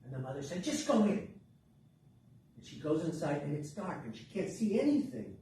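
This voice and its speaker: A man telling a story to a workshop class in a lively, dramatic way. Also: on the high side, quick pace. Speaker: workshop teacher. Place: workshop room. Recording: echoey room, distant mic, faint noise.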